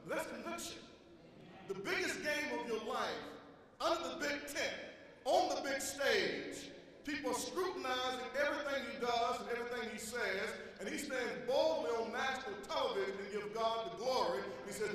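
A man preaching a sermon, swinging between loud, high bursts and low, quiet stretches. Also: normal speed. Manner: preaching with dramatic swings in pitch and volume. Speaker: pastor. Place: church sanctuary. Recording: echoey hall from a distance.

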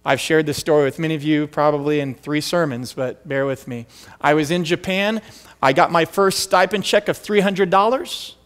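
Animated preacher in an echoing church. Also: male voice, on the high side, normal speed. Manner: animated, acts out quoted voices. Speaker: pastor. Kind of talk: storytelling sermon. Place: church sanctuary. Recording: long hall reverb.

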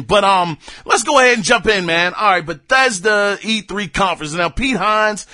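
A man's voice: high voice, sharp tone, dry recording, studio quality. A man in his thirties hosting a solo gaming podcast, talking casually and animatedly in slang, straight to his listeners. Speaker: podcast host.

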